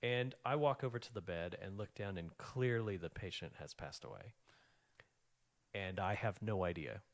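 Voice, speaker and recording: Interview guest, forties, deep male voice, loose anecdotal delivery. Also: normal speed. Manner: rambling, animated anecdotes with many fillers. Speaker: guest, financial planner. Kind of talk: casual storytelling interview.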